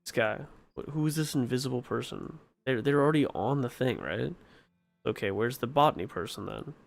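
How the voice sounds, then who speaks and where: A man's voice: mid-range voice, fairly quick, gravelly, no room sound. A man giving casual gameplay commentary, exasperated and swearing, asking the same questions again and again. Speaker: gaming streamer.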